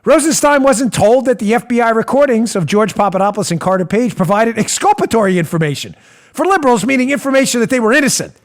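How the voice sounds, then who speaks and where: A man hosting a political talk show, speaking in a sarcastic, animated, mocking manner from a studio. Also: very high voice, fast. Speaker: host.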